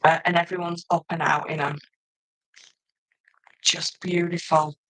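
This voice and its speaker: A middle-aged woman, chatting loudly and laughing often as she presents paper crafts on a live stream. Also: sits low, level tone, a little slow, rough recording. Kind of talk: casual live stream chat.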